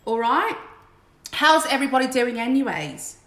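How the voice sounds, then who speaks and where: A woman's voice: high-pitched, lively intonation, normal speed, a bit bright. A woman chatting casually on a home livestream, joking and a little tipsy. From Queensland, Australia. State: slightly tipsy. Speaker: livestream singer. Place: her house, indoors. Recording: echoey room with backing music.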